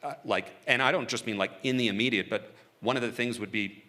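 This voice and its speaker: A man's voice: medium pitch, brisk, few pauses, bright, forceful tone. A man being interviewed onstage about his work negotiating for hostages, talking casually and frankly, chuckling often and restarting his sentences.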